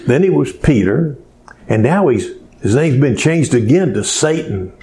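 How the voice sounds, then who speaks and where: A man's voice: mid-range voice, animated, unhurried, warm tone, slight background noise. A male pastor preaching a folksy, conversational sermon full of rhetorical questions to his congregation.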